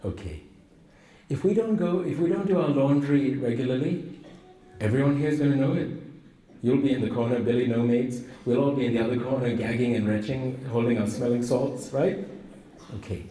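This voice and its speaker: Priest cracking jokes in a sermon, mellow voice, heard from far off in an echoey church. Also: male voice, mid-range voice, expressive, moderate pace. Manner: joking, teasing, rhetorical questions. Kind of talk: humorous sermon. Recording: roomy echo, voice from afar.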